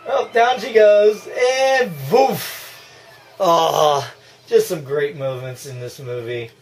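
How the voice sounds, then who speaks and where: A man giving casual, excitable movie reaction commentary, gushing and breaking into laughs and yells. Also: fairly high pitch, slow, a little hiss or hum.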